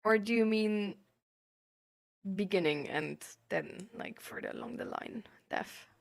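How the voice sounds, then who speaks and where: A woman's voice: medium pitch, measured pace, vocal fry. A young woman streaming and answering chat questions in casual talk, rambling with lots of "like" and "um". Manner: rambling, fills every phrase with "like" and "um".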